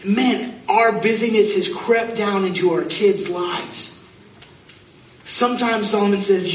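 A man's voice: high voice, takes it slowly, slight background noise. A pastor preaching a conversational sermon, asking his congregation questions. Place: church sanctuary. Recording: echoey room from far off.

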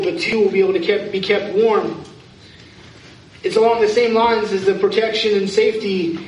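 Male pastor, high voice, conversational sermon, echoey church from far off. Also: muffled recording, slight background noise. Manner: conversational preaching with questions to the congregation. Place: church sanctuary.

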